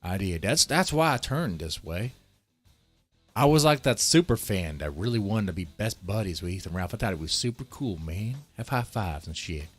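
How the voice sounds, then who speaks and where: A man's voice: low voice, lively intonation, normal speed, slightly rough, soft background music. A man in his thirties live-streaming, chatting loosely and joking in an exaggerated put-on Southern drawl. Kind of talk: casual live-stream chat.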